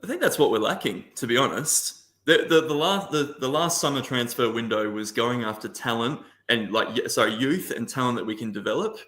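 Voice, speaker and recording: Man, podcast panelist, bright forceful voice, passionate and rambling, echoey room. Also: mid-range voice, lively intonation, fairly quick, few pauses. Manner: passionate, rambling with frequent restarts. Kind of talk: casual football chat.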